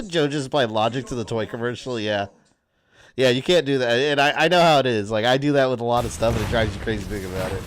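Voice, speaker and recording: A man streaming a video game, chatting casually with viewers and swearing at the enemies. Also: mid-range voice. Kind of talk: casual live-stream commentary. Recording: game music and gunfire behind.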